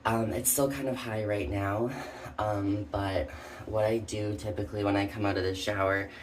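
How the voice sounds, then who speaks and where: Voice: low voice, level tone, moderate pace, noisy background. A vlogger talking casually and hesitantly, out of breath, with many ums and likes. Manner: hesitant, full of "um" and "like". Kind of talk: casual personal vlog.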